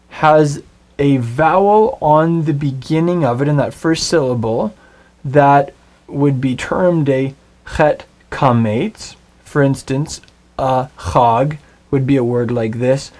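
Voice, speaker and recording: A middle-aged man teaching a recorded Hebrew lesson, patient and clear, slowing down to spell out Hebrew words. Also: mid-range voice, a little mellow.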